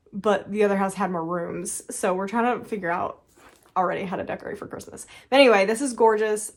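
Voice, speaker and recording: A woman in her thirties chatting casually through a book unboxing, gushing with frequent quick laughs. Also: mid-range voice, a little hiss or hum. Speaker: book vlogger.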